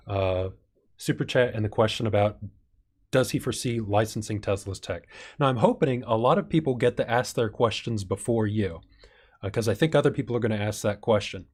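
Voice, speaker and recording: A man's voice: on the low side, darkish tone. A man hosting a live stream Q&A, reading viewer questions and thinking aloud with some fillers. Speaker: channel host.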